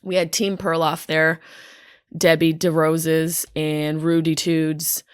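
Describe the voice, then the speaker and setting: A woman comedian telling stories in casual chat, candid and profane, full of quick asides. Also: deep voice, level tone, clear, resonant tone, no echo, clean studio sound. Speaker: comedian and podcast guest. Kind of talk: casual storytelling. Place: hotel room.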